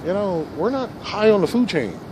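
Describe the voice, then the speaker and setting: A man rambling through a profane monologue, dropping to low mutters and then rising into loud rants, recorded in a park. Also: sing-song, normal speed. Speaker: vlogger. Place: park outdoors. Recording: outdoor recording with traffic noise. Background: passing cars and outdoor ambience.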